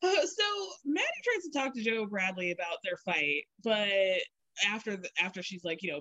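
A woman's voice: mid-range voice, moderate pace, no room sound. A woman co-hosting a podcast, recapping a show in casual chat and giggling often. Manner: giggly, animated storytelling with quoted voices. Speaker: podcast co-host.

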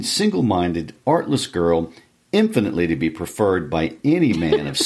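A dignified country gentleman with a low, husky voice and a lively, rising and falling delivery, as a man reads the part aloud. He speaks in a measured, gently teasing way. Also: exaggerated voice. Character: gentlemanly older male country squire. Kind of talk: reading a novel's dialogue aloud.

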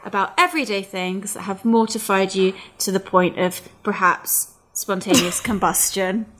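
Bright-voiced woman swearing. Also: mid-range voice, normal speed. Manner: swears freely, mocking mimicry. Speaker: podcast co-host. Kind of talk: casual chat.

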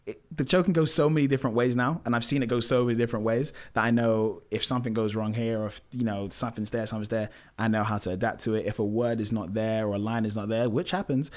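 Low-voiced man chatting casually. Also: quick pace, few pauses. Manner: relaxed, many fillers and repeats. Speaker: guest, musical theatre actor. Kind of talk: casual interview chat.

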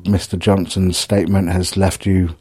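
A man's voice: deep voice, flat delivery, normal speed, darkish tone, husky. A middle-aged man, rambling in a casual solo video diary, self-mocking and sweary. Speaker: vlogger.

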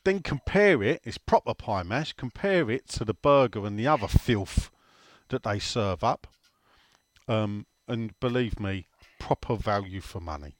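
Chatty man with lively pitch. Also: unhurried, no room sound. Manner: chatty, teasing, reads out listener questions. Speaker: podcast co-host. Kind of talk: casual chat.

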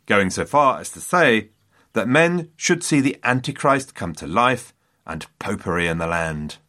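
A man narrating history with a low voice that swoops lively up and down. He tells the story dramatically. He breaks off for wry asides to his audience. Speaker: history podcast host.

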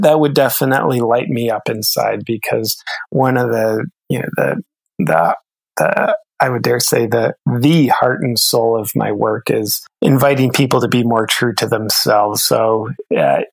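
A man talking as a podcast guest, reflective and halting, often restarting his sentences. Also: mid-range voice, gravelly, no echo, poor audio. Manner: thoughtful, halting, with many restarts. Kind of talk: reflective interview talk.

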